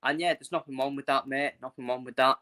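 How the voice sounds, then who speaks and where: A man's voice: medium pitch, steady tone, fast, pushed and bright. A man from England ranting casually about football in a blunt, repetitive way, previewing matches for his channel.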